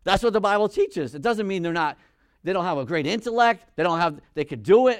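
A male preacher giving a sermon, animated, acting out Bible figures in quick voices. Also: high voice, clean tone, dry recording, studio quality.

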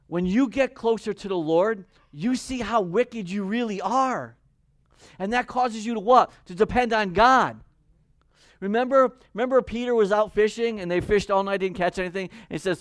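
A man preaches a sermon in a fairly high voice, pushing hard and loud when he reads scripture. The sound is dry and close, with no room around it. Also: no echo. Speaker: pastor.

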